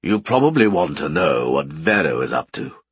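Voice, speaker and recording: A man reading an audiobook and voicing a hearty, joking big man, low, loud and drawn-out. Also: big pitch swings, slightly rough, no room sound, exaggerated voice.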